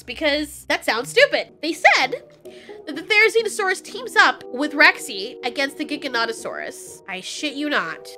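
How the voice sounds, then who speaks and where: A woman giving a casual, animated spoken film review, ranting, swearing and a bit stuffy from a cold. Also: sits high. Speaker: movie reviewer.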